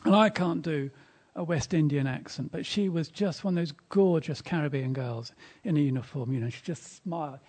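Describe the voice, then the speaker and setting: A man preaching at a church service, telling a story with emphasis and dropping to a hushed tone at quiet moments. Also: a little high, moderate pace, hardly any pauses. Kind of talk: sermon with storytelling.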